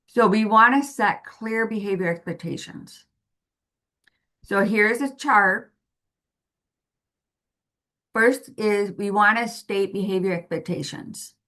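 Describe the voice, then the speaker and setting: A woman's voice: mid-range voice, slow, pauses often, pushed and bright. A woman presenting to parents in a patient, explanatory way, walking through everyday examples. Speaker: parent guide presenting to families.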